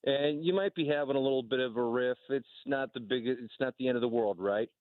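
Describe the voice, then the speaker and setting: A man calling into a radio show, relaxed, explaining with everyday examples. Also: medium pitch, brisk, dry recording. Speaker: caller. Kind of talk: phone-in call. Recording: tinny phone line.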